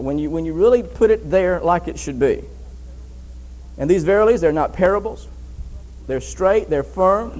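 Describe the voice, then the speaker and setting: Male preacher, high voice, emphatic sermon delivery with repeated phrases. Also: a little mellow, poor audio. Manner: emphatic, repeats phrases, reads scripture aloud.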